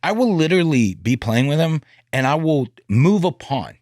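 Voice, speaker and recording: A man hosting a sales podcast in casual chat, animated and joking, acting out bits of dialogue. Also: on the high side, normal speed, no room sound, studio quality.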